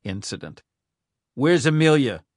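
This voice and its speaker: A man's voice: mid-range voice, sing-song, measured pace, no room sound, studio quality. A man voicing a commanding, impatient middle-aged male detective who barks demands and swears. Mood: alarmed. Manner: barking, demanding, profane.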